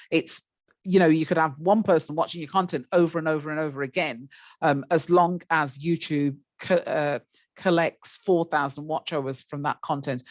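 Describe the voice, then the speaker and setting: A woman with a fairly low voice teaching a live webinar over a computer mic. She talks in a loose, chatty way, full of fillers, and turns to attendees by name as she explains. The sound is dry and close, with no room around it. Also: no room sound. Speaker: webinar trainer.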